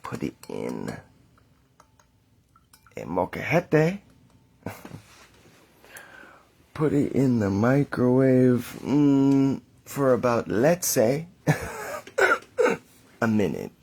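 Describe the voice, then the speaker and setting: A young adult man talking to camera in a rambling, mock-theatrical vlog monologue, halting with fillers and wry asides. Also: medium pitch, huge pitch swings, vocal fry, a little mellow, husky. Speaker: vlogger.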